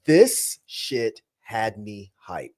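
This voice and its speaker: A man co-hosting a podcast, reviewing a movie in a jokey, profane, animated way. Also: on the low side, very slow, no echo, clean studio sound. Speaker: podcast co-host. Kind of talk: casual movie review chat.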